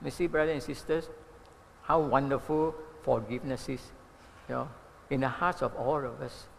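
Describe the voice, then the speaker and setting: A man in his seventies with a Malaysian English accent, preaching a sermon as an animated storyteller who keeps saying "you know". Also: mid-range voice, normal speed, vocal fry, big-room sound, slight background noise. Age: 70s. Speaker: pastor.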